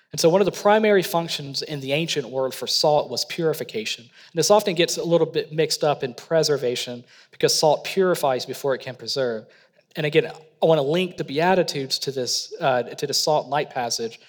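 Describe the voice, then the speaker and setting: A man, a missionary, preaching a sermon in an earnest, emphatic way, slowing down to stress key phrases and sometimes repeating words. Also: a little high. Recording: long hall reverb.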